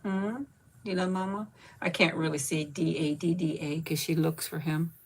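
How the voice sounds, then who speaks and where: Channel host, woman in her 50s, low gravelly voice, casual chat and baby talk. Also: fairly even intonation, moderate pace. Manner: coos baby talk at her pet, thanks viewers by name.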